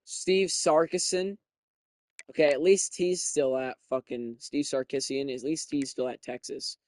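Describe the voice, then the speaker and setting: A young man giving casual, profane commentary while playing a video game, thinking out loud and getting excited. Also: medium pitch, unhurried, dry recording. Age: young adult.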